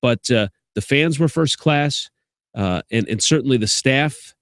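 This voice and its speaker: A middle-pitched man with a Chicago accent talks casually to camera, recorded dry and close with no room sound. He rambles in a friendly way, repeating words and restarting sentences with plenty of uh's. He sounds like a sports commentator a little short on sleep. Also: animated, a little slow, fairly bright tone, no room sound. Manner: chatty, repeats words and restarts, many fillers.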